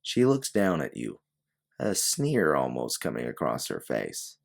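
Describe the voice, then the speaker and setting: Male audiobook narrator, very deep, gravelly, animated delivery. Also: unhurried. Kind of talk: scripted second-person narration.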